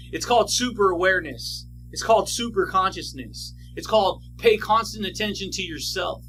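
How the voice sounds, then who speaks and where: A man's voice: sits high, normal speed, bright, forceful tone, soft background music. A man giving a casual motivational talk, slangy and emphatic, often laughing and calling the listener buddy and baby. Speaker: motivational speaker.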